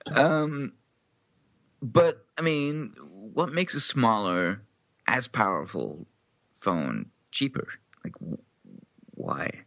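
A man's voice: medium pitch, lively intonation, extremely slow, gravelly, pauses often, fairly bright tone, dry recording. A man co-hosting a podcast, talking hesitantly and breaking into laughter in casual chat. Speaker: podcast co-host.

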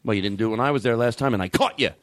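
A man's voice: mid-range voice, rapid-fire. A middle-aged man hosting a comedy podcast, chatting loosely and rambling, often stopping himself mid-thought. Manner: rambling, excitable, stops to comment. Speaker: podcast host. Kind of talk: casual comedy chat.

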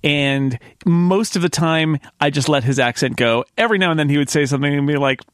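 A man hosting a casual podcast panel chat, talking with easy laughs and lively swings in pitch. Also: fairly quick, no echo, clean studio sound. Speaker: podcast host.

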